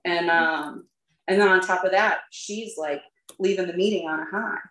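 A woman's voice: fairly low pitch, normal speed, a bit bright. A woman candidly telling her recovery story to a group, chatty and full of fillers, laughing at herself now and then. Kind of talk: personal recovery testimony to a group. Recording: roomy echo.

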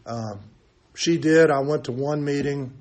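A man's voice: a little high, measured pace, darkish tone. An older man shares his recovery story at a meeting, candid and self-mocking. He tells it loosely, with plenty of ums and restarts. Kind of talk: personal recovery testimony.

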